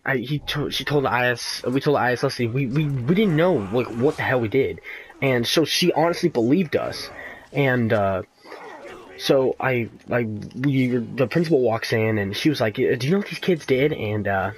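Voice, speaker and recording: A man's voice: medium pitch, slightly rough, poor audio. A teenage boy telling a rambling school story over gameplay, full of fillers and restarts. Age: teens. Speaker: gaming commentator.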